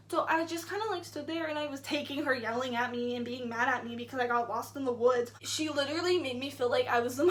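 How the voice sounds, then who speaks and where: A woman's voice: sits high, fairly bright tone, a little hiss or hum. A young woman telling a story to camera in a chatty, indignant way, full of "like" fillers. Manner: indignant retelling. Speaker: vlogger. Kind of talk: casual storytime.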